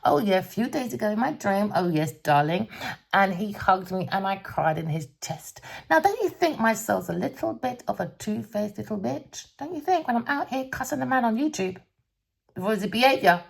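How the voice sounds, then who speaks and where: Woman, tarot reader, gravelly voice, a husky edge, theatrical sing-song delivery, swears freely, says darling a lot. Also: medium pitch, lively intonation, normal speed. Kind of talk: tarot reading monologue.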